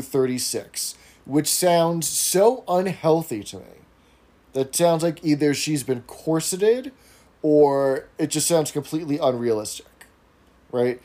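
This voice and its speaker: A man's voice: a little high, animated, slow pace, a little mellow. A man hosting a casual podcast, recapping an episode scene by scene. He adds asides and keeps checking in with a rhetorical "right?". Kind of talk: casual chat.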